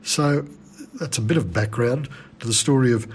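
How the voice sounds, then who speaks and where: A man presenting a folk music radio program, talking in a relaxed, chatty way with some hesitations. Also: mid-range voice, moderate pace, a little hiss or hum.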